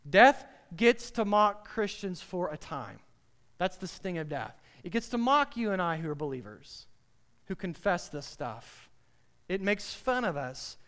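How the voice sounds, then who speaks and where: A man preaching a sermon with an emphatic, direct delivery. He keeps turning to his listeners with rhetorical questions. His voice sits high and rings clear and smooth. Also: fairly bright tone.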